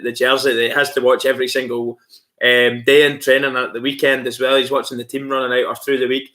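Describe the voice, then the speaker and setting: A man's voice: mid-range voice, pushed and bright. A man hosting a casual live stream, chatty and rambling with lots of fillers. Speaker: livestream host.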